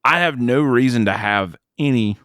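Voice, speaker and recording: A man co-hosting a casual movie review podcast, rambling and animated, breaking into mocking impressions. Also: mid-range voice, moderate pace, dry recording, clean studio sound. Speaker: podcast co-host.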